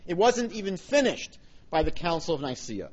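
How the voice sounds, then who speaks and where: A man's voice: a little high, very animated, moderate pace, darkish tone, breathy edge, dull audio. A man giving a public lecture on religion, emphatic, with wry asides.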